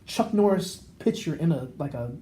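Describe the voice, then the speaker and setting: Man, podcast co-host, casual storytelling, higher pitch, warm tone. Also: normal speed. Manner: rambling, animated anecdote with acted quotes.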